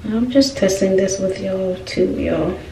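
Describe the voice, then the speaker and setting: A young beauty vlogger speaks in a mellow mid-range voice at a measured pace while giving a casual hair tutorial. She chats away and constantly asks her viewers "y'all" questions; the recording is roomy and distant, with faint noise.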